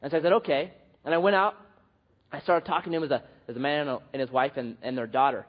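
A man preaching a sermon as pastor, telling a story with lively acted quotes. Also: a little high, quick pace, muffled recording.

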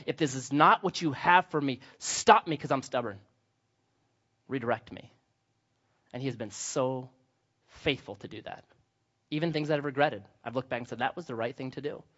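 A middle-aged man preaching a sermon as pastor, telling stories with animated quoted voices. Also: mid-range voice, moderate pace, dull audio.

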